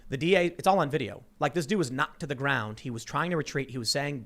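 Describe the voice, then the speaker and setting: Fast-talking male podcast host. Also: on the high side. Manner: fast, animated storytelling with stammered restarts. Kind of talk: casual political talk show chat.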